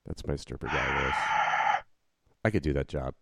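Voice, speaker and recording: A man's voice: extremely low pitch, fast, gravelly, fairly bright tone, dry recording, clean studio sound. A man co-hosting a podcast in casual chat, laid-back and rambling with many fillers. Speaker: podcast co-host.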